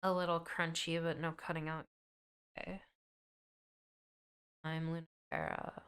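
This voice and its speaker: A woman's voice: low-pitched, fairly even intonation, unhurried, fairly bright tone, clean tone. A young woman streaming a game, chatting casually and fussing over her audio settings during a mic check.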